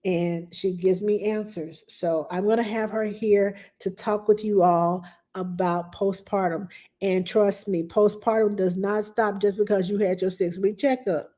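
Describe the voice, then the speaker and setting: Chatty woman, mellow voice. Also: medium pitch, steady tone, a little slow. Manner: chatty, rambling, with frequent fillers and laughs. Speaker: nanny hosting a live Q&A stream. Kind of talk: casual live-stream sign-off chat.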